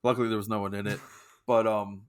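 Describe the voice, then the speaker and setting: A man co-hosting a casual podcast, telling an animated story full of swearing and laughter. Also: on the low side, quick pace, clean tone. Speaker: podcast co-host. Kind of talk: casual chat.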